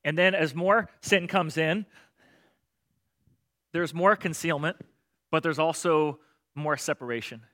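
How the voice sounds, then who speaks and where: A man preaching a sermon, lively and talkative, often checking in with the crowd with "right?" and acting out voices of the characters. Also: on the high side, a little slow, long pauses. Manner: animated, acts out voices of God and children. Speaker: pastor.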